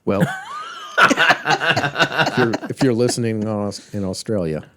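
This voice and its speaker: A man's voice: on the low side, animated, slow pace, bright, forceful tone. An American man co-hosting a casual podcast, who drops wry joking asides. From United States. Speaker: podcast co-host.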